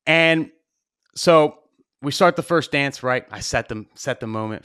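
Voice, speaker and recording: Animated storytelling man, dry sound. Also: medium pitch, a little slow, smooth, no room sound. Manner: animated, swears freely, acts out his own panic. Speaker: wedding DJ and show host. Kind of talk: casual storytelling.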